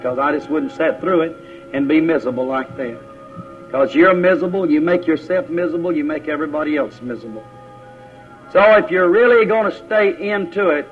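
A man preaches in a folksy way, his voice sitting a little high and swelling up and down as he goes. The sound is dull and lo-fi, like an old church tape. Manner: folksy Southern preaching, rising and falling. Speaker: pastor. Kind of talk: sermon. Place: church service.

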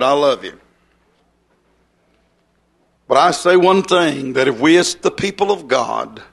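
A man preaching a fiery, folksy revival sermon. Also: fairly high pitch.

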